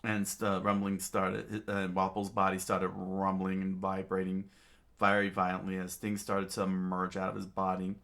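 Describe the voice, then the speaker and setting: A man's voice: low-pitched, little pitch movement, normal speed, vocal fry, a bit bright. A man reading a comic aloud in a casual way, with many fillers, restarts and chatty asides. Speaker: reader of a comic. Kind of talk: casual read-aloud with commentary.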